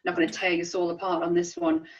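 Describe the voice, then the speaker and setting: A lively woman chatting as a podcast co-host, often laughing and tripping over her own sentences as she goes. Her voice sits a little back from the mic, and the recording sounds muffled and lo-fi. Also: lowish voice, fast, heavy background noise. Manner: animated, laughs often, restarts a lot. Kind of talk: casual chat. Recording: distant, dull lo-fi sound.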